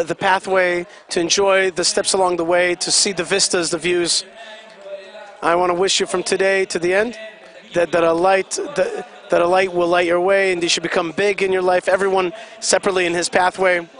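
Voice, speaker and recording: Behind this high-voiced man, vehicles can be heard outside as he delivers live commentary at an event. His tone is a bit bright and chatty; he keeps explaining the action and quizzing the people listening.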